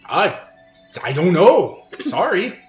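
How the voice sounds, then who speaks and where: A chirpy, folksy male trader with a thick Canadian accent, as a game master puts him on. The voice sits higher and brighter than a plain speaking voice, with lively swings, and the room around it echoes. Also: slow pace, faint music behind, exaggerated voice. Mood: cheerful. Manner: exaggerated folksy put-on accent.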